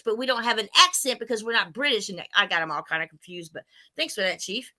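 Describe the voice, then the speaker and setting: Woman, 50s, host of a spiritual chat, lively and bright, storyteller. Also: sits high, fairly quick, low-quality recording. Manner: animated storytelling, acting out quotes.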